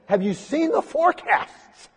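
A man's voice: very high-pitched, very animated, unhurried, voice pushed up, full character voice. A man voicing worried fishermen disciples who plead with their teacher in a joking protest, in a reverberant church. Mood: anxious protest.

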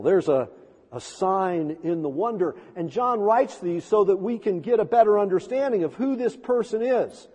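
A man's voice: sits high, mellow, husky. A middle-aged male pastor preaching a sermon in a church, earnest with storytelling asides. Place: church sanctuary. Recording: long church reverb.

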